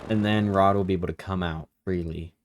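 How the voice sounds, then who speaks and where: A man's voice: low-pitched, fairly even intonation, fairly quick, a little hiss or hum. A man streaming a game, playful and jokey as he chats with his viewers. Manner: playful and jokey, chatting with chat. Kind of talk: casual gameplay commentary. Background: game music.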